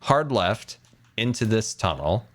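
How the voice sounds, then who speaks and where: A man's voice: on the low side, big pitch swings, slow pace, fairly bright tone. A man in his thirties streaming a game, chatting playfully with a friend and putting on a theatrical tone now and then. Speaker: Minecraft streamer. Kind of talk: casual gaming stream chat.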